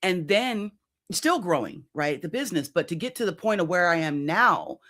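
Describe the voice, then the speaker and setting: A woman in her fifties, a coach, telling her own story in an interview in a lively, conversational way and often checking in with "right?". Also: fairly low pitch, moderate pace. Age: 50s. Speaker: executive coach guest.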